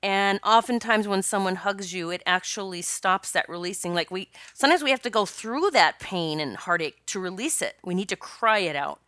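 A woman's voice: medium pitch, expressive, moderate pace, few pauses, bright, forceful tone, no echo, studio quality. A woman hosting her own podcast as a spiritual coach, telling a personal story in a chatty, rambling way with many restarts and laughs. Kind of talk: casual solo podcast storytelling.

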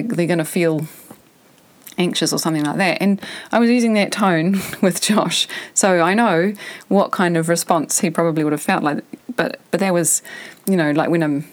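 A woman in her thirties hosting a podcast, talking frankly and reflectively as she thinks aloud. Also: fairly low pitch. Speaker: podcast host. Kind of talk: candid personal monologue.

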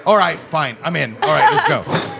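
A man's voice: on the high side, expressive, normal speed, creaky, heavy background noise. A man hosting a podcast, jokey and steering the chat with leading questions. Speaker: podcast host. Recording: music playing underneath.

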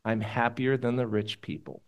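A male pastor delivering a sermon, moving between loud exhortation and quiet, hushed prayer. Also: medium pitch, steady tone, normal speed. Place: church room with congregation.

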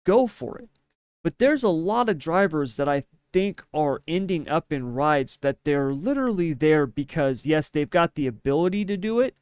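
A man's voice: fairly high pitch, clean tone, no echo, clean studio sound. A man co-hosting a podcast in casual opinion chat, emphatic and ranting, often tagging his points with "right?". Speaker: podcast co-host.

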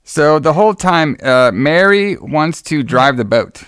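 A man's voice: on the high side, lively intonation, measured pace, a bit bright, smooth, no echo, clean studio sound. A man casually retelling a film's plot in a loose, rambling way, breaking into quoted lines. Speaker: podcast co-host. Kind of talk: casual movie recap chat.

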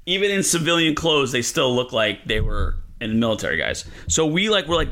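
A comedian guest on a podcast telling a story in an animated, profane way, full of fillers. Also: male voice, fairly high pitch, a little fast, hardly any pauses.

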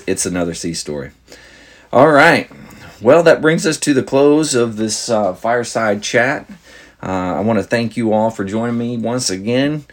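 A podcast host whose deep, low-set voice has a husky, slightly rough edge relates a long anecdote. He drifts along in a relaxed manner, using many fillers and restarts, sounding like he's casually chatting with his listeners.

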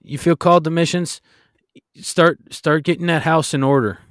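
A man's voice: fairly high pitch, fairly even intonation, normal speed, fairly bright tone, no echo, studio quality. A man co-hosting a faith-based podcast, talking in an earnest, exhorting way with frequent restarts. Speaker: podcast co-host.

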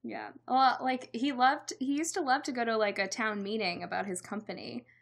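A woman's voice: a little high, moderate pace, vocal fry. A young woman in casual chat, telling a story with lots of "like", laughing and acting out quoted lines. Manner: animated storyteller, acts out quotes, frequent "like" and laughs. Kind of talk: casual chat recapping a movie.

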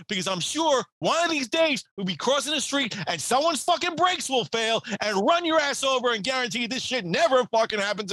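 A man's voice: very high-pitched, lively intonation, a little fast, few pauses, pushed and bright, no room sound. A man on a podcast in a fiery, profane comedic rant, laughing between lines. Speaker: guest podcaster.

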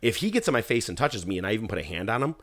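Animated, foul-mouthed man telling a story. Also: fairly low pitch, very fast. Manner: animated, profane, acts out quotes. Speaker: guest musician telling a story. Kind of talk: casual storytelling chat.

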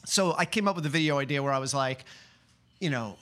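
A man telling a personal story at a live open-mic event, chatty and excitable, full of fillers and restarts. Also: mid-range voice, fast.

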